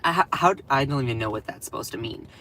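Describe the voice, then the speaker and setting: A man's voice: mid-range voice, animated, quick pace, bright, forceful tone, slight background noise. A man giving casual political commentary on his stream. He rambles and stops himself to restart as he mocks what he is reacting to. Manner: rambling and sarcastic, with many restarts.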